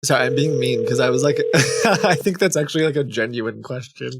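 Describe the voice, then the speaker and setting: A man's voice: mid-range voice, brisk, loud music behind the voice. A man streaming live, chatting casually into a close desk microphone, joking and laughing often as he talks.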